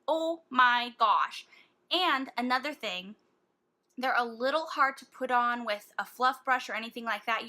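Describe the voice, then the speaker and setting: A woman beauty vlogger swatching eyeshadows in a casual vlog, gushing and excitable, with gasps of delight. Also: fairly high pitch.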